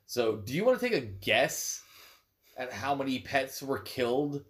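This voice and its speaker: A man's voice: medium pitch, big pitch swings, unhurried. A young man co-hosting a casual podcast, laid-back and feeding questions. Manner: laid-back, prompting, lots of short agreements. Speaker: podcast co-host.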